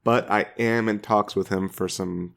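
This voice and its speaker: Gravelly male co-host, low, wry and teasing. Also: steady tone, measured pace, fairly bright tone. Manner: wry, needling, improvising a bit. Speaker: podcast co-host. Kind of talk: comedic podcast chat.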